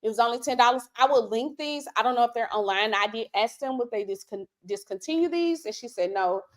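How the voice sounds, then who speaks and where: A young woman hosting a casual beauty livestream, talking in a chatty, slangy, lively way. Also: on the high side. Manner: chatty, slangy, animated and laughing. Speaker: livestream host.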